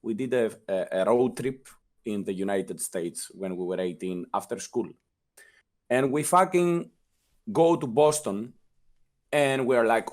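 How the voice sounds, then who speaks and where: A young man with a European non-native English accent and a fairly low voice speaks at a measured pace as an interview guest and former guild leader. He tells casual, profane stories with animation, acting out the people he quotes.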